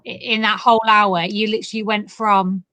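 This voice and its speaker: A woman's voice: medium pitch, flat delivery, fairly quick, sharp tone, dry recording, poor audio. A woman co-hosting a casual livestream chat, teasing and laughing often. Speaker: co-host of online festival livestream.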